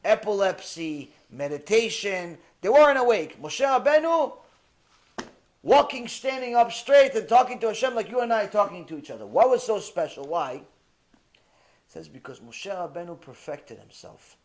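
A man delivering a religious ethics lecture, telling stories in an animated way and mixing in Hebrew terms. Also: high voice, normal speed. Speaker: Torah lecturer.

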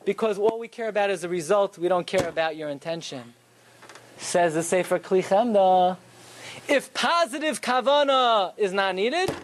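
A man giving a Torah lecture, telling stories with animated rhetorical questions. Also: high-pitched, slight background noise. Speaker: Torah teacher.

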